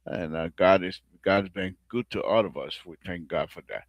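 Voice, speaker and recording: A man's voice: deep voice, moderate pace, hardly any pauses, no room sound. Liberian guy hosting his own online radio show, rambly, says stuff twice, dry close sound. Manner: rambling, repeats phrases, prays aloud then rants about politics. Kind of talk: casual talk show monologue with prayer.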